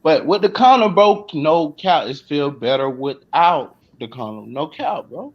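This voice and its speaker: A man's voice: a little high, lively intonation, measured pace. Slangy man on a dull lo-fi call. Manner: slangy, laughs often, playful. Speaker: stream host. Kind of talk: casual chat.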